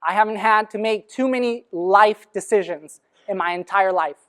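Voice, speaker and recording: Lively man in his thirties telling a story. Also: sits high, moderate pace, clear, resonant tone. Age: 30s. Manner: animated, laughing storyteller who acts out dialogue. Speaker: speaker on after-school programs. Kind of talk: storytelling talk.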